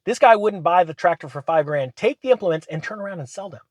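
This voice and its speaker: A man, hosting his channel and telling rambling, animated business stories in casual chat. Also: sits high, fast talker, no room sound. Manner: rambling, animated anecdotes with acted quotes. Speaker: channel host. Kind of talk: casual storytelling monologue.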